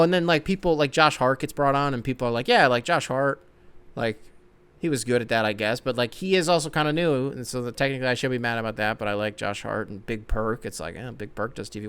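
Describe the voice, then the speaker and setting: A young man hosts his own sports show and rants with loud, profane excitement. His pitch sits in the middle range for a man. He swings from loud outbursts down to low mumbles. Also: fast, clear, resonant tone. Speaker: podcast host. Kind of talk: ranting sports commentary.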